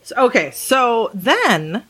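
A woman's voice: on the high side, sing-song, slow, a bit bright, breathy edge. A woman hosting a podcast, asking questions in a playful, casual way. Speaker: podcast host. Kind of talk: casual interview chat.

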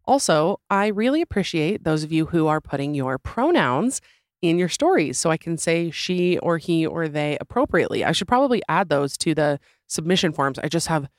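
A woman's voice: sits low, dry recording, studio quality. Chatty woman podcast host with sore throat. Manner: chatty, rambling asides and self-deprecating jokes. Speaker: podcast host reading listener stories. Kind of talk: casual podcast chat and story reading.

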